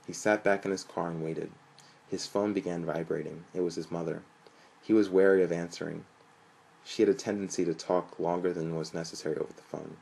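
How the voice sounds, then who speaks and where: Young male storyteller, low-pitched and gravelly, even and flat delivery. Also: a little fast, low-quality recording. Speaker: narrator. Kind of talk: reading a story aloud.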